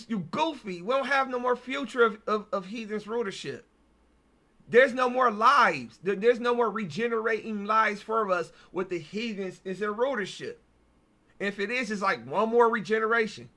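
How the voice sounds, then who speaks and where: Male host, bright and slightly high, reads scripture and then riffs casually on it. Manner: reads verses aloud, then riffs in loose slangy talk. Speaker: Bible study host. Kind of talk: casual scripture reading and commentary.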